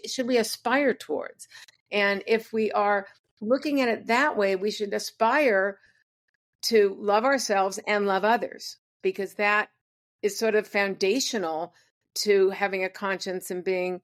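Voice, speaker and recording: A woman's voice: medium pitch, a little slow. An older woman speaks as a guest in a conversational interview, with a voice in the middle of the usual range. She talks earnestly and thoughtfully and often stops to search for the right word.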